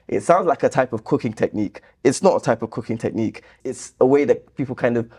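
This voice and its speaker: A man's voice: medium pitch, fairly quick, a little mellow. A man hosting his channel, talking casually about comments viewers left, reasoning through them and getting indignant. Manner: chatty, reasoned, grows indignant when rebutting. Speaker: YouTube host reading viewer comments. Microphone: laptop camera mic.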